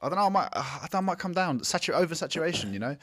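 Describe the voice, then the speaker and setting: A man's voice: on the high side, very animated, very fast, a bit bright. Blunt sarcastic man. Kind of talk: casual film discussion.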